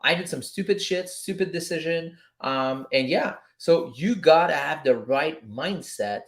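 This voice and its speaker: A man hosting a casual live stream about trading, talking in an animated, repetitive pep-talk way and swearing freely. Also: fairly high pitch, measured pace.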